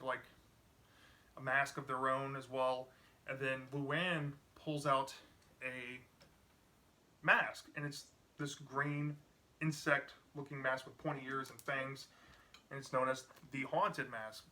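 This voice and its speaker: A man's voice: mid-range voice, little pitch movement, unhurried, sharp tone. A man casually retelling a book's plot as a reviewer, rambling with lots of fillers. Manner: rambling, many "you know" fillers. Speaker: book reviewer.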